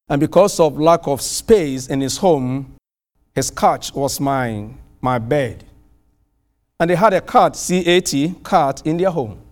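High-voiced man preaching a story. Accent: non-American. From outside the US. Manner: animated storytelling, pitch swinging widely. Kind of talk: sermon with personal story.

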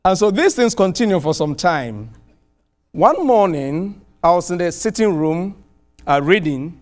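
A man from outside the US preaches in a fairly high voice with a foreign accent. He tells stories with animated swings in pitch and loudness, dropping low and quiet for scripture. He is middle-aged. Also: unhurried. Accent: non-American. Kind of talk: sermon with personal story.

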